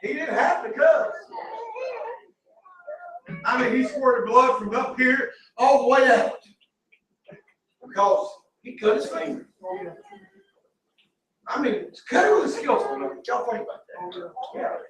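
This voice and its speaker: A Southern man in his thirties preaching a folksy, story-filled sermon with shouted bursts, heard from a distance in a church sanctuary. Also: very high-pitched, expressive, takes it slowly, pauses often, heavy reverb, a faint crowd. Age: 30s. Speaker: pastor. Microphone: distant from the mic.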